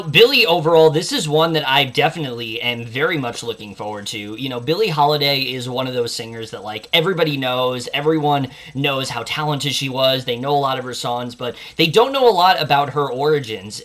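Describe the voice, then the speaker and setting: A young man hosts a casual movie preview with a bright, forward tone. He talks with steady enthusiasm, leaning on fillers as he goes. His pitch sits in a middling range for a man. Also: fairly quick, hardly any pauses. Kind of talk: casual film chat.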